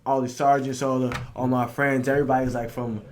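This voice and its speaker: Young guy from new york on a podcast, mid-pitch voice, rambly, lots of like and you know what im saying. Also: flat delivery, brisk, a little mellow, a little hiss or hum. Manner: loose, filler-heavy talk with many "like" and "you know what I'm saying". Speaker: guest, rapper and former soldier. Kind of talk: casual interview chat.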